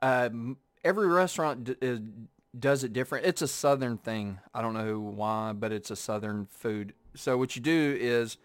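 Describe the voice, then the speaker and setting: A man's voice: medium pitch, normal speed, few pauses, clean tone, dry recording. A man in a casual chat, eagerly explaining how a dish is made and cutting in on others. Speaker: podcast co-host, restaurant worker.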